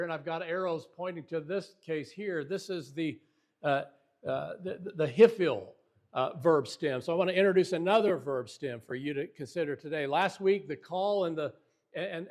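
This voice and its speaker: Earnest man teaching a Bible lesson. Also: fairly high pitch. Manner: earnest, emphatic teaching with frequent restarts.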